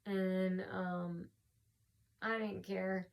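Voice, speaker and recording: A woman's voice: mid-range voice, little pitch movement, extremely slow, creaky. Tired woman vlogger, rambling storytime, lots of fillers and restarts, worn out from no sleep.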